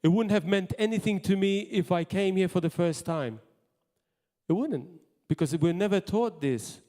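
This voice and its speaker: A man preaching a sermon as pastor, in impassioned bursts that drop to quiet asides. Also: sits high. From Malta. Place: church hall. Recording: long hall reverb.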